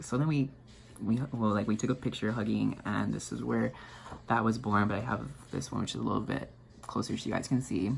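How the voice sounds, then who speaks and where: A young man telling a story to his viewers in an excited, rambling way, full of fillers and restarts. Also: mid-range voice, a little fast, gravelly. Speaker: vlogger. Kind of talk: casual storytelling to camera.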